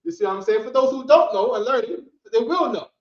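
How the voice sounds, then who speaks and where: A man's voice: very high voice, animated, fast. Casual man teaching in an echoey room. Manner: casual, coaxing, drills words loudly, checks in with "right?". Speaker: Hebrew language teacher. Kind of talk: classroom language lesson. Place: classroom. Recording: echoey room, dull lo-fi sound.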